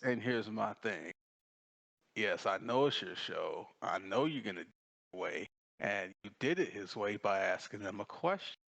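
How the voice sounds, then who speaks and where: A man's voice: fairly low pitch, lively intonation, normal speed, gravelly, a bit bright. A man talking on a podcast, stammering as he pushes back in an argument.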